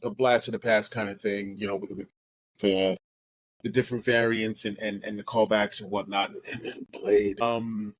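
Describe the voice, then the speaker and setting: A man hosting a casual geeky chat, excitable, stammering and restarting, his voice jumping high when animated. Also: moderate pace, creaky, rough recording. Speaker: podcast host.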